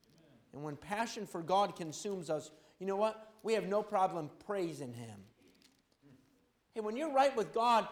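A middle-aged man preaching a sermon, swinging from loud exhortation to quiet storytelling. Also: sits high, reverberant. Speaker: pastor.

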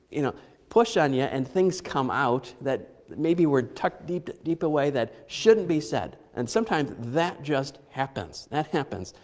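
A man in his thirties preaching a sermon in an earnest, halting way, often restarting his phrases. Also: on the high side, a little mellow, big-room sound. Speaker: pastor.

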